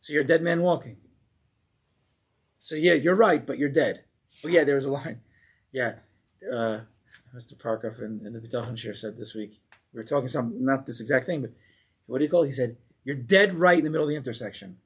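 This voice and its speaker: A man giving an informal Torah class to a small group, animated and acting out angry people as he explains. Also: medium pitch, brisk, pauses often, breathy edge.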